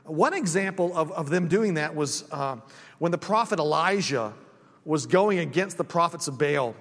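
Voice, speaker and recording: A man's voice: fairly high pitch, expressive, normal speed, fairly bright tone, long reverb tail. A male pastor preaching a conversational sermon, with frequent restarts and friendly asides. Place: church sanctuary.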